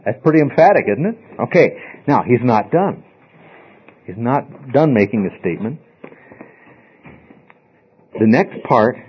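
A man's voice: medium pitch, a little hiss or hum. A man teaching a Bible study class in an emphatic, informal way, often checking with his listeners. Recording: dull lo-fi recording.

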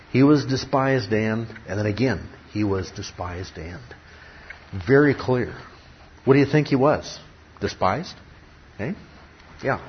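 A man teaches scripture at an unhurried, deliberate pace, landing hard on repeated key words and tossing out rhetorical questions. The recording is dull and lo-fi, with a faint ambient hum behind him. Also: mid-range voice. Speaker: Bible teacher. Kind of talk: Bible teaching.

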